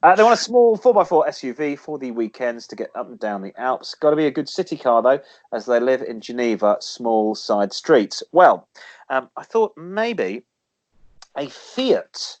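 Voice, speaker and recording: A man's voice: medium pitch, sing-song, moderate pace, darkish tone. A man co-hosting a casual car chat show from a home studio, rambling and joking, now and then putting on silly voices. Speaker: co-host.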